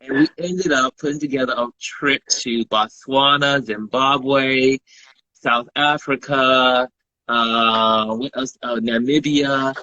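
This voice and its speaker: A man's voice: medium pitch, slow pace, dry recording, dull audio. A man, a guest photographer, talking casually in a live-stream interview and acting out the voices of the people in his stories. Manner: lively storyteller who acts out quoted dialogue.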